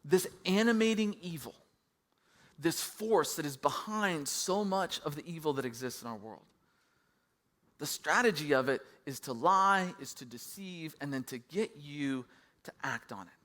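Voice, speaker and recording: A man's voice: fairly high pitch, lively intonation, a little slow, fairly bright tone. A middle-aged man preaching a sermon as pastor, conversational and self-deprecating.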